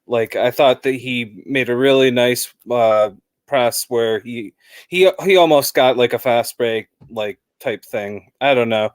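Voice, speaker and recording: A man's voice: mid-range voice, unhurried, clear, resonant tone, no room sound, clean studio sound. A man chatting casually as a guest fan about a football match, rambling with lots of fillers.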